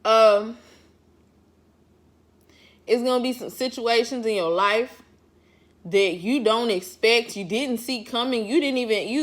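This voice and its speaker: A woman's voice: on the high side, fairly bright tone. A woman chatting casually to camera as a vlogger, folksy and encouraging, drifting off topic. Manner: encouraging, pep-talk delivery.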